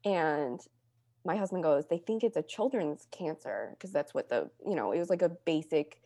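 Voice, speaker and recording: A young adult woman telling her own story in casual talk, with deadpan jokes and lively acted-out quotes. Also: moderate pace, no echo. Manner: deadpan humor, acts out quotes with lively pitch jumps.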